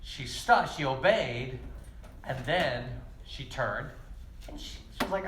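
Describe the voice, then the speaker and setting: A man teaching children at church, telling stories lively and speaking straight to the kids. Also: medium pitch, takes it slowly, a little hiss or hum. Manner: lively, storytelling, addresses kids directly. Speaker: children's pastor. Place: church kids' room. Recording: echoey room with faint ambience.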